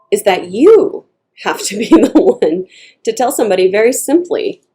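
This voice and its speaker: A woman's voice: medium pitch, warm tone. A woman giving a casual tarot reading to her viewers, chatty and digressive, laughing often and slipping into little acted-out voices. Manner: acts out quoted speech in shifting voices. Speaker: tarot reader.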